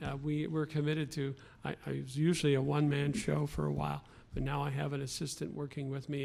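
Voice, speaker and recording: Gravelly man giving halting remarks. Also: a little high, darkish tone. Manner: halting, many fillers and restarts. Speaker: transit agency speaker. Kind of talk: press conference remarks. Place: press club event room.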